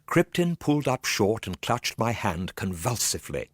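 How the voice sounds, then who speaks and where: A man narrating a dark, suspenseful story in a tense voice that swings from low murmurs to urgent bursts. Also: big pitch swings, normal speed, husky, dry recording, studio quality.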